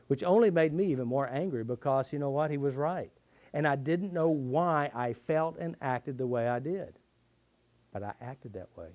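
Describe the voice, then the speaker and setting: A man's voice: mid-range voice, moderate pace, darkish tone, muffled recording. A middle-aged man teaching a tapping therapy method, telling a personal story in an earnest, confessional way. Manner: earnest, confessional, with shifting emphasis.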